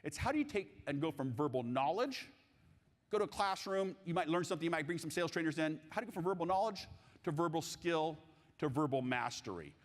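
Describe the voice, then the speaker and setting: A man giving a live conference keynote on coaching, animated and jokey, asking the audience questions. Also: a little high, fast talker. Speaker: keynote speaker on sales coaching. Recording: long hall reverb.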